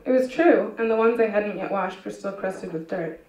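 A woman reading her own short stories aloud at a live literary event, with a wry, deadpan delivery. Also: mid-range voice, moderate pace. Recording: dull, echoey room from far off.

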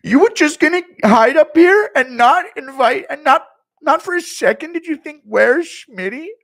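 A man doing a shrill, whiny aggrieved guy. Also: expressive, creaky, heavily acted. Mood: whining. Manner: high-pitched, shouty, drawn-out whining. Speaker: streamer doing impressions.

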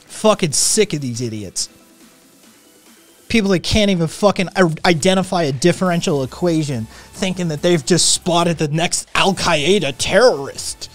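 A man's voice: on the high side, expressive, normal speed, soft background music. A man who says he is sick and in pain, ranting with constant swearing while he reads and answers his chat. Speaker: streamer. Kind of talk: ranting live stream chat.

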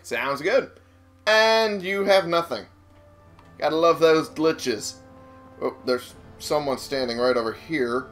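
A man's voice: fairly high pitch, slow, fairly bright tone. A young man giving casual, rambling commentary while playing a video game, swearing and laughing often. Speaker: let's-play gamer. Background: game music.

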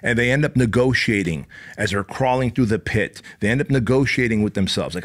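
Middle-aged male host, blunt and profane motivational speaker, mid-pitched voice, punchy delivery. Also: lively intonation, normal speed. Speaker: podcast host. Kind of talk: motivational monologue.

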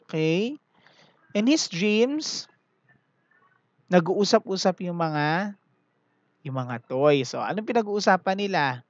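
A woman teacher reads a storybook to children and checks their understanding with patient prompts. Her voice sits low. The recording is dry and a little lo-fi. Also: lively intonation, takes it slowly, pauses often, no echo. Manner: code-switches, patient classroom prompting with frequent "okay?". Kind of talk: reading a story to children and quizzing them.

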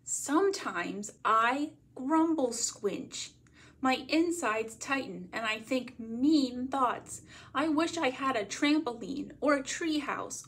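A woman from a library reading a picture book aloud as a bedtime story, in a gentle read-aloud manner. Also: fairly high pitch, a little hiss or hum.

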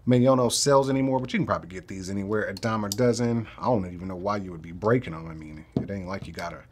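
A man's voice: on the low side, quick pace, slight background noise. A man giving a casual, laid-back product review, who jokes with viewers and calls them y'all and man. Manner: says man and y'all a lot. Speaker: tech reviewer.

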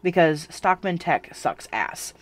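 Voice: mid-range voice, very animated, takes it slowly. A narrator voicing the listener's own character, a sarcastic, self-mocking young cyborg with a prosthetic hand, in a fan fiction audiobook reading. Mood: wry.

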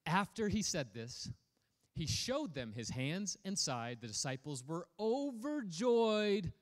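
A man's voice: high voice, very animated, takes it slowly. A man preaching a sermon as a pastor, casual and joking, reading scripture aloud and breaking off to comment on it. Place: church hall.

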